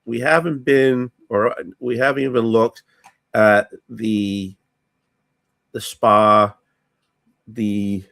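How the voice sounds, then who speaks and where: A hoarse man playing a tabletop game, hesitant and thinking aloud with many ums. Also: on the low side, steady tone, drawn-out words, pauses often, a bit bright, no room sound. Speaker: player.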